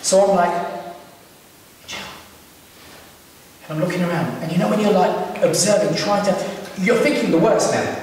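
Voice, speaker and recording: A British man telling a comic story on stage, animated and acting out scenes, laughing often. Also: high-pitched, fairly quick, a little hiss or hum. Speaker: comedian. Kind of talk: live stand-up storytelling. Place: large hall with live audience. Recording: echoey hall recorded from far off.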